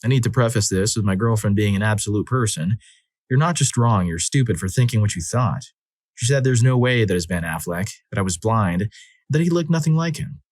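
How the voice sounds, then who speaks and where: A man's voice: on the low side, lively intonation, a little fast, darkish tone, no room sound, clean studio sound. A man reading out relationship stories as a narrator, lifting his voice for the quoted lines. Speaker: story narrator. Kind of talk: scripted narration of reader-submitted stories.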